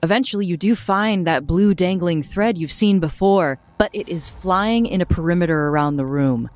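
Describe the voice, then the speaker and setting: A woman narrating a tabletop role-playing game as game master, in a slow, descriptive storytelling manner. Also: on the low side.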